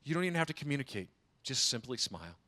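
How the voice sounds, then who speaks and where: Man as santa, gentle, preachy speech, mid-range voice. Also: medium pitch, very animated, rapid-fire. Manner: gentle, preachy, blessing the crowd. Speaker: guest dressed as Santa. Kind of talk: short inspirational speech.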